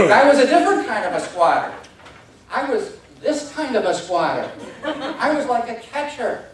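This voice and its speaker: A man giving a humorous contest speech in an animated, self-mocking storytelling manner, in a large hall with a live audience. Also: very high-pitched, noisy background. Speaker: contest speaker. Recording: echoey hall, distant mic, audience laughter.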